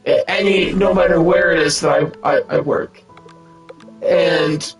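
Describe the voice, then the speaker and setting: A man in his thirties from the United States, chatting casually on a game stream in a fairly high voice. He talks slowly and rambles, swearing freely and filling gaps with ums and restarts. Faint game music plays underneath. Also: steady tone, gravelly, low-quality recording. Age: 30s. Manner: rambling and profane, with many fillers and restarts.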